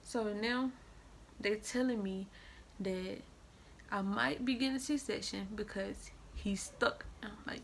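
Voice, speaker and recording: 18-year-old woman, creaky voice, rambling storyteller, noisy traffic behind. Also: mid-range voice, slow. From Atlanta, Georgia. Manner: rambling, repeats filler "or whatever". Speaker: vlogger. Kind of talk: storytime vlog.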